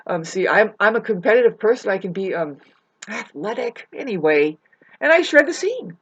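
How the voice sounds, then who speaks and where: A woman's voice: mid-range voice, big pitch swings, normal speed, husky, dull audio. Woman ranting with a swooping voice. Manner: profane, rambling, calls listeners "babe". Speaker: vlogger. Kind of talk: rambling spoken rant to camera.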